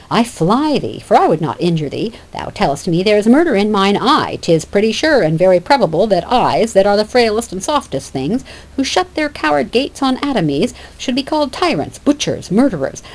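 A woman voicing a scornful young shepherdess who taunts her suitor in loud, high verse. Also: sing-song, brisk.

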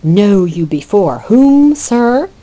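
Haughty elder brother barking orders, read by a woman, loud and bossy. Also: on the low side, very animated, unhurried. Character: haughty older brother demanding respect.

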